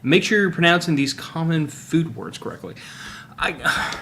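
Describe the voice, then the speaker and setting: A man's voice: fairly high pitch, lively intonation, normal speed, bright, forceful tone, a little hiss or hum. A man hosting a podcast with his wife, ranting in a sarcastic, opinionated way in casual chat. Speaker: podcast host.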